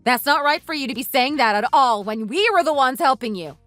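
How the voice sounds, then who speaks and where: A woman's voice: high-pitched, expressive, a little fast, a bit bright, dry recording, soft background music. A woman voicing an indignant young wife in a voiced texting story, scolding in an earnest, exasperated way. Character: indignant young wife defending her family.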